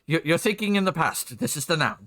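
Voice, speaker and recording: A man's voice: a little high, expressive, brisk, a bit bright, no echo, pitched above the performer's own voice. A man voicing a flamboyant, theatrical adult man who fusses and calls people darling. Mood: fussing.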